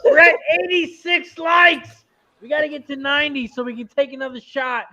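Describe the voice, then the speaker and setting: A man hypes up the chat on a live sports betting stream, rattling off plugs and shout-outs. His voice is very high and piercingly bright. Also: normal speed, lo-fi sound. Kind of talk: casual banter and stream promos.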